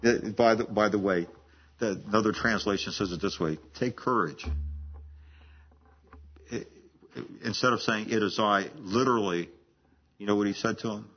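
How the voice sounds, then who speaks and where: A man's voice: on the low side, normal speed, long pauses, husky, muffled recording. A man in his seventies preaching a sermon in a conversational, storytelling way, often restarting phrases and laughing. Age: 70s. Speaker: pastor.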